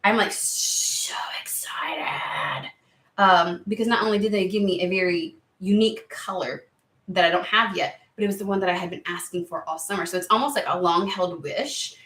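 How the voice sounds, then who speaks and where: A woman chatting excitedly and rambling on tangents during a spiritual card reading video. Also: on the low side, a little fast. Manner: excitable, rambling, lots of exclamations. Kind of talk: casual chatty reading vlog. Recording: roomy echo.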